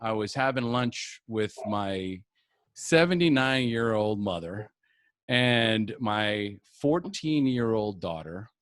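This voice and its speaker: A man's voice: fairly low pitch, animated, takes it slowly, fairly bright tone, no echo, studio quality. A middle-aged man leading a live group recovery coaching session, talking earnestly and repeating key phrases for emphasis.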